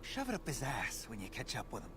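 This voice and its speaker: A blunt, gruff gang raider. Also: male voice, mid-range voice, huge pitch swings, fast, background noise. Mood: grudging. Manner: blunt, terse. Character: tough male biker gang raider, gruff. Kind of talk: video game dialogue. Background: game music.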